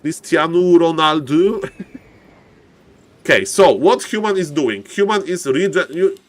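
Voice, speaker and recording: A man casting a strategy game live on stream, excitable and chatty, often shouting with excitement and thanking viewers by name. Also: unhurried. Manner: excitable, repeats "ladies and gentlemen", bursts into high-pitched shouts. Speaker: game caster. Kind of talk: live-streamed esports commentary.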